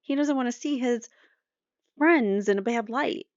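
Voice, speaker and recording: A woman's voice: on the high side, unhurried, no room sound, dull audio. A woman hosting a true crime podcast, giving incredulous, dry commentary. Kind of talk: casual commentary.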